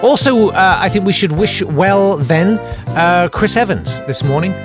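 A man hosting a satirical comedy monologue, sarcastic and mock-indignant, who sometimes breaks into shouted riffs. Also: sits high, animated, measured pace, over music. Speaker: comedian host.

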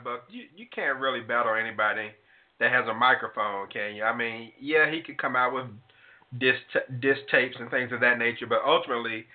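A man hosting a casual panel talk, laughing often and prompting his co-hosts with questions. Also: mid-range voice. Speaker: host. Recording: phone-like lo-fi audio.

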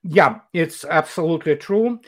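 A man, a guest commentator talking in a casual interview, animated and sardonic with many filler pauses. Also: fairly high pitch.

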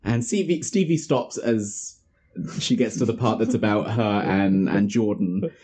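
A man's voice: lowish voice, a little slow, slightly rough. A man hosting a podcast, recapping a film in casual chat, laughing often and acting out the characters' lines. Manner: lively, laughing, acts out quotes from the film. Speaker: podcast host.

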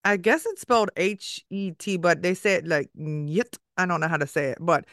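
A woman's voice: fairly low pitch, a little fast, fairly bright tone, dry recording, studio quality. A woman hosting a podcast interview, chatty and enthusiastic, reacting eagerly to her guest. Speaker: podcast host.

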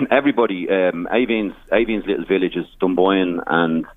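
A man's voice: sits low, steady tone, moderate pace, no room sound. Irish man on a phone line. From Ireland. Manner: emotional storytelling with many restarts. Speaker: charity founder guest. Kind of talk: radio interview.

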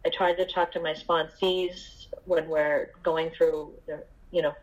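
Low-voiced middle-aged woman sharing candidly. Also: flat delivery, muffled recording. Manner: halting, candid, many fillers and restarts. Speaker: recovery meeting speaker. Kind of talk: personal recovery share.

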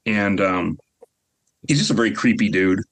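A man on a podcast, speaking haltingly as he searches for words in casual chat. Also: lowish voice, expressive, fairly bright tone, breathy edge. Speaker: podcast co-host and voice actor.

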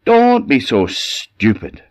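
A man with a Scottish accent voicing a short-tempered old father who scolds loudly. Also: medium pitch, huge pitch swings, slow, no room sound, studio quality, voice pushed up. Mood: scolding. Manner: blustering, scolding.

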